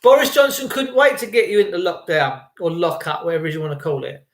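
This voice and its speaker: A man's voice: high voice, sing-song, fast talker, roomy sound. A man delivering an indignant, sarcastic ranting monologue. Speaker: vlogger.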